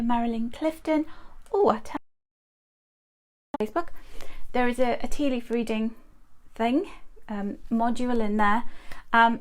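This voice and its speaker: Chatty, effusive middle-aged woman host. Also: fairly high pitch. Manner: chatty and effusive, trips over words. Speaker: host of a live tea leaf reading stream. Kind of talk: casual live-stream greetings to viewers.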